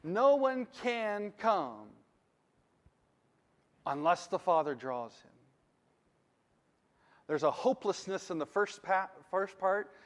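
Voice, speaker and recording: A man preaching a sermon as pastor, earnest and emphatic, slowing down to stress key phrases. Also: sits high, big pitch swings, long reverb tail.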